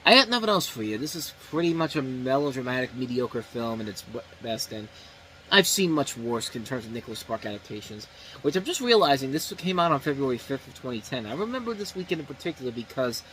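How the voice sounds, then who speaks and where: A man's voice: mid-range voice, big pitch swings, fast, pushed and bright, slight background noise, low-quality recording. A man hosting a casual movie review show, seated, talking in a rambling way with many fillers and restarts. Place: indoors, seated.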